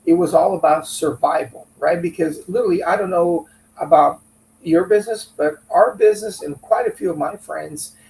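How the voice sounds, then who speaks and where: A man telling a business story in an interview, animated and acting out what friends said. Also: a little high, moderate pace, gravelly. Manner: animated, acts out quotes from friends. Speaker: business owner guest. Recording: echoey room, a bit far from mic, faint hum.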